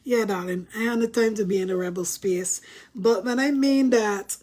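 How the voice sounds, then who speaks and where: A woman vlogger tells stories to her viewers in a casual, chatty way, laughing often as she speaks to camera. Her voice is medium-pitched and darkish, at a moderate pace.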